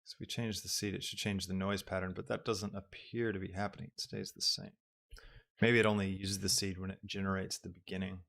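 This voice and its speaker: A young man talks through a live software tutorial at his computer. His voice sits low and carries a gravelly fry, and he meanders with frequent ums as he works things out aloud. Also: little pitch movement, brisk. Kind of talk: live-streamed casual tutorial.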